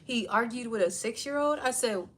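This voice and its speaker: A woman with a high, bright voice tells a story in a casual livestream rant. She is blunt and swears freely, and she acts out every side of the exchange with lively energy. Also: normal speed. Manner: blunt and profane, animated retelling. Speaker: livestream host.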